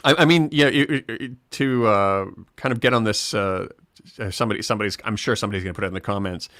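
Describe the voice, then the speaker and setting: A Canadian man co-hosting a live stream in casual chat, chatty and quick to laugh. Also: fairly low pitch, a bit bright, no echo, studio quality. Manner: chatty, restarts often, laughs easily.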